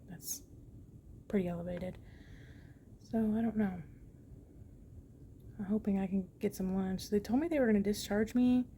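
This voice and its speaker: Young woman filming from her hospital bed, flat gravelly voice, tired and a bit grouchy, lots of ums, faint hum behind her. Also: mid-range voice. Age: young adult. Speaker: vlogger. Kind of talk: casual hospital update vlog. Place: hospital room.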